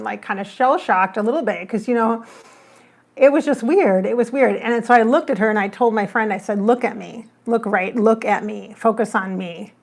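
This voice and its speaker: A woman who works as a psychic medium, telling a story on a casual livestream and acting out her own remarks. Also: fairly high pitch. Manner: animated, acts out her own remarks in the retelling.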